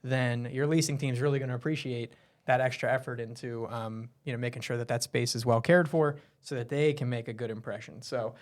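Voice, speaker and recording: A man's voice: mid-range voice, steady tone, a little fast. A man hosting a casual live show, chatty and teasing, often laughing. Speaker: host.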